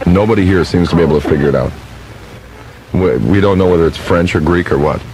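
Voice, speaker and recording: A man's voice: low-pitched, fast, darkish tone, a little hiss or hum, poor audio. A man hosting morning radio, easygoing and chuckly in his banter.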